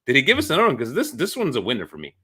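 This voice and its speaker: A man's voice: medium pitch, wildly swooping pitch, very fast, sharp tone, breathy edge. A man hosting a football podcast, wrapping up in an easygoing, rambling way. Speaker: podcast host. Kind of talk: casual podcast chat.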